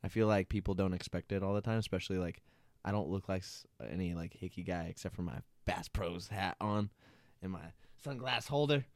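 Young male podcast co-host, low smooth voice, loose and jokey, dry close mic. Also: a little fast, no echo. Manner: laughing, swearing, jokey banter. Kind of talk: casual chat.

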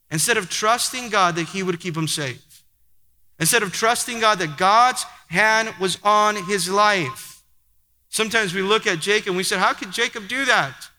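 A man's voice: sits high, pushed and bright. A man preaching a sermon with an emphatic, repetitive cadence. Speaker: pastor. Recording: long hall reverb.

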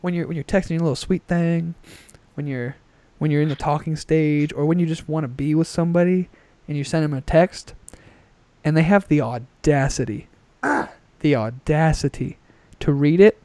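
Speaking into a headset, this young podcast co-host chats casually and goes on animated, swear-filled rants. His voice sits a little high, moves at normal speed, and the recording is dry.

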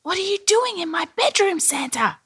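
Woman doing a squeaky, eager little bathtub. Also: sing-song, moderate pace, a bit bright, exaggerated voice. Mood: excited. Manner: high, squeaky childlike voice. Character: excited young male talking bathtub, eager and helpful.

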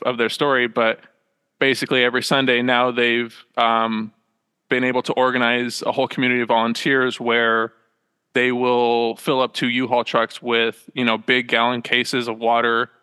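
A young man chatting as a podcast guest from a small room at home, with a bright, forward tone that stays flat and even in pitch. He rambles and halts, piles up fillers and corrects himself mid-sentence. His smooth voice trails a long reverb behind it. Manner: rambling, halting, full of fillers and self-corrections. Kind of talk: casual interview chat.

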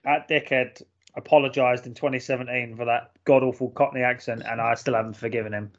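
A man's voice: medium pitch, fairly even intonation, fairly quick, highs cut off. A man co-hosting a casual podcast, joking sardonically and swearing freely. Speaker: podcast co-host.

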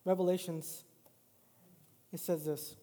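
A man's voice: sits high, flat delivery, slow, mellow. A middle-aged male pastor preaching a sermon in a church, mixing casual, self-deprecating stories with rising emphatic exhortation. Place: church sanctuary. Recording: long hall reverb.

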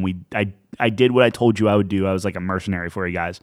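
Young male co-host, lowish voice, casual and filler-heavy, dry room. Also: fast talker, few pauses, dry recording. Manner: loose, filler-heavy, lots of "like". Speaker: podcast co-host. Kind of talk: casual chat.

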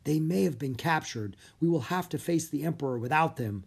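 Reader doing a serious polite boy, formal soft speech, a bit husky, storybook style. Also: medium pitch, lively intonation, a little fast. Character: polite, serious young boy, worried friend.

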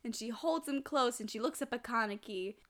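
A woman's voice: a little high, a little fast. A woman co-hosting a casual podcast, recapping an anime episode and acting out the characters' lines with lots of laughter. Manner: animated, acts out characters' lines, laughs a lot. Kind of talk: casual chat.

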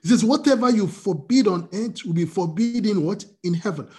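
Animated male preacher asking questions. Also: high voice, fairly quick. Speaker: pastor. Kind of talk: sermon. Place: church service streamed on video call.

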